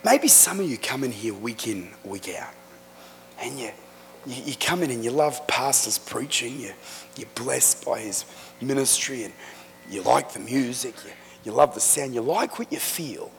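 A middle-aged man preaching a sermon in a church, telling stories with fervent, emphatic delivery that builds to loud climaxes. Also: medium pitch, expressive, moderate pace, vocal fry, slight background noise. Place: church sanctuary. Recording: echoey church hall.

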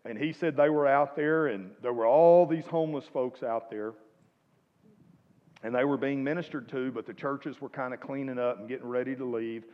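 A man preaching a sermon, swinging between loud exhortation and quiet asides. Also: medium pitch, normal speed. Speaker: pastor. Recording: muffled, reverberant church hall.

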